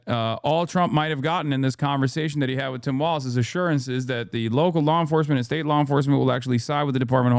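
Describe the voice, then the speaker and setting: A man's voice: mid-range voice, clear, resonant tone, dry recording, studio quality. A man streaming casual political commentary, blunt and profane, reacting to news clips with open disbelief.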